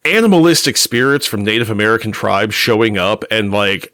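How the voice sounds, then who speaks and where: A man co-hosting a casual comic-book podcast, sarcastic and jokey, with quick asides. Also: lowish voice, bright, forceful tone, no room sound, studio quality. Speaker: podcast co-host.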